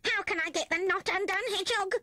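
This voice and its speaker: A woman voicing a thin, hungry male rat who whines and pleads in a high voice. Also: quick pace, sharp tone, no room sound, clean studio sound. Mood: whining. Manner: whining, high and squealing.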